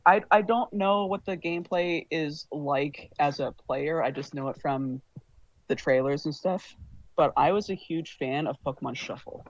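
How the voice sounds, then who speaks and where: A man's voice: on the high side, normal speed, dry recording. Podcast co-host, male, rambly casual chatter, dry muffled home mic. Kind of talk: casual chat. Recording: dull lo-fi mic.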